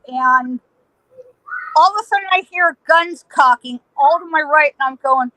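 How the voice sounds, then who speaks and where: Middle-aged woman, podcast guest, high bright voice, dry close sound, animated storyteller who laughs a lot. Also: moderate pace, no echo, rough recording. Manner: lively, laughing, acts out voices in her story.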